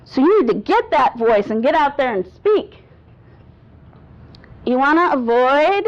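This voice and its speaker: A woman speaking coach giving a lively workshop talk to a live audience, acting out voice examples and laughing often. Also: high voice, unhurried. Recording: dull lo-fi sound.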